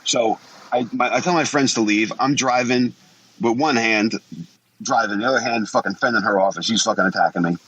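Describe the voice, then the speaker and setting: On a podcast as a guest, a former wrestler in his forties casually rambles through stories that are blunt and laced with profanity. His medium-pitched voice is a bit bright and a little fast, and the poor audio carries slight hiss or hum.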